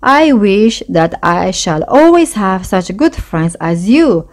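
A woman voicing a small, timid young male mouse in a storybook read-aloud, speaking in an anxious, squeaky way. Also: sing-song, slow pace. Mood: tender.

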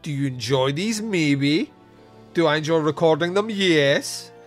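A man's voice: fairly high pitch, measured pace, faint music behind. A man hosting a podcast on his own, recapping a film scene by scene in a wry, joking way with asides and fillers. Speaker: podcast host reviewing a film.

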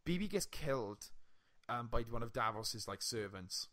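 A young man co-hosting a casual podcast, retelling a TV episode with lively swearing and frequent laughs. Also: medium pitch, normal speed. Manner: animated storytelling, swearing, laughing often. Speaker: podcast co-host. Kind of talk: casual chat.

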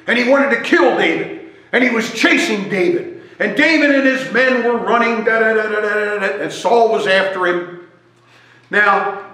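A man telling a joking, animated story as a sermon at a church service. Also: high-pitched. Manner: animated, joking storyteller who wanders while talking. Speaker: guest speaker at a church service. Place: church sanctuary. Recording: echoey church hall.

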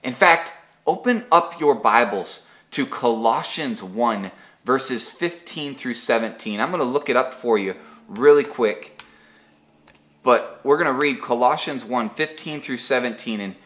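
This online Bible study is led by a man whose medium-pitched, fairly bright voice is expressive and a little slow. His devotional teaching stays casual and conversational, with frequent word repetitions on restarts and plenty of everyday illustrations.

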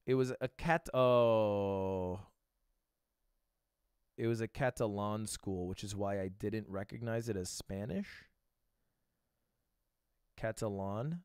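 Animated, swearing male streamer thinking aloud. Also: fairly low pitch, dry recording, studio quality. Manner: animated, swears freely, talks himself through guesses; bursts into loud excited exclamations. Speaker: streamer reacting to videos and playing guessing games.

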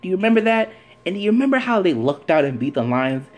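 Animated man ranting about sports. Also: high-pitched, fast. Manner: animated, fires off rhetorical questions; repeats phrases for emphasis. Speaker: sports vlogger. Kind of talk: opinionated sports commentary rant.

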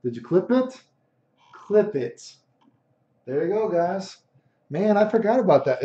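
A man's voice: high voice, sing-song, unhurried, long pauses, warm tone. A man streaming a fighting game, commentating in a brash, boastful, profane way. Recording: echoey room, dull lo-fi mic.

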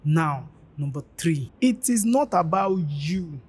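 A man talks through career advice like an informal lesson. His voice is very husky and rough-edged. He presses his points hard, pleading and repeating himself. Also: a little high, animated, slow pace. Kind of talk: informal teaching monologue.

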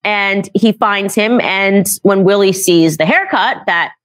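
A woman's voice: mid-range voice, takes it slowly. A woman commentator sarcastically retelling and mocking a story from a book. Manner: sarcastic storytelling, laughs at the subject. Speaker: political commentator.

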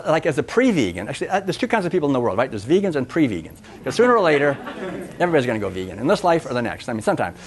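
A man giving an animated, conversational public talk at a festival, often acting out voices. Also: fairly high pitch, slight background noise. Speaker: speaker.

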